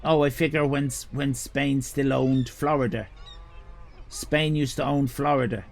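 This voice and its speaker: A man's voice: mid-range voice, fairly even intonation, unhurried, vocal fry. An Irish man in his fifties chatting with his live chat as a streamer, prone to playful mock-indignant rants. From Ireland. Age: 50s.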